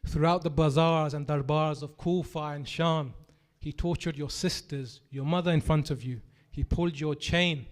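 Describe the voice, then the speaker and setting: A man with a high, carrying voice delivers a mournful commemorative sermon. He retells a tragic story in lamenting tones that swell into impassioned grief. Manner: grieving, rising to impassioned lament. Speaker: preacher.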